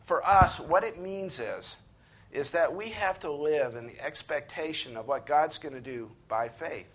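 A man preaching an earnest sermon, slowing down and lifting his voice when he reads scripture aloud. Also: on the high side, a bit bright. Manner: earnest preaching, slows and rises to read scripture. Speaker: pastor.

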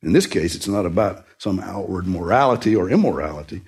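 A man preaching a sermon, teaching earnestly and rising sharply in pitch to stress key words. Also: expressive, fairly quick, a little mellow, breathy edge. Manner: earnest, emphatic teaching with sudden rises in pitch for emphasis. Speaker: pastor.

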